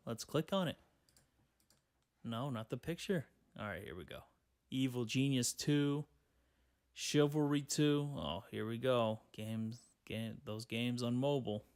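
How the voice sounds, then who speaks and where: A young man hosts a solo podcast in a casual, unscripted way. He reads headlines aloud, then answers them with profane, sarcastic, rambling comments, and his voice sits at an ordinary middle pitch for a man. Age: young adult. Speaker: podcast host.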